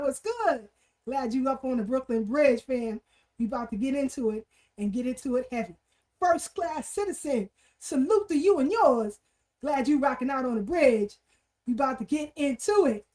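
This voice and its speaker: Female livestream host, high voice, casual and repetitive with street slang. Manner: repeats greetings in threes, street slang. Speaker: livestream talk show host. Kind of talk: casual livestream chat, shouting out viewers.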